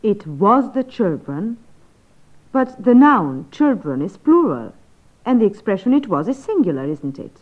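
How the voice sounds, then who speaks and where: A woman's voice: mid-range voice, sing-song, unhurried. A woman playing a student in a scripted English lesson, polite and inquisitive, on a tinny old recording.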